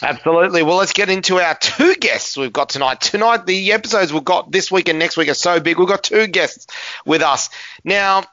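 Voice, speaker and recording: Australian male sports host, bright tone, dry slightly dull recording; energetic announcer delivery. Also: high voice, normal speed, no room sound. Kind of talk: radio sports show hosting.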